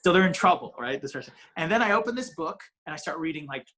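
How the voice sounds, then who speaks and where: A comedian guest on a podcast talks casually and rambles, restarting often, in a slightly high, animated voice that's quick, pushed, and bright. He's recorded on a home video call with a ring light setup.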